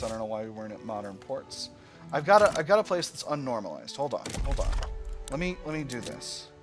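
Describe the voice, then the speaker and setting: A man giving casual commentary while playing a strategy game, musing aloud with playful asides. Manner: musing, playful asides, sudden high squeals of delight. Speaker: strategy game let's-player. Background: game music.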